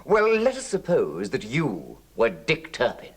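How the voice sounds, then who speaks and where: An actor playing a pompous, self-satisfied army captain who talks in a fussy, overbearing way. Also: male voice, mid-range voice, wildly swooping pitch, measured pace, slightly rough, full character voice. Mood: smug.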